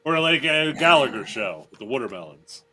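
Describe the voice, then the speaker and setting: A man's voice: mid-range voice, big pitch swings, a little fast, a crowd in the background. A man playing a tabletop game, chatting casually and rambling while he searches for words. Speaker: player.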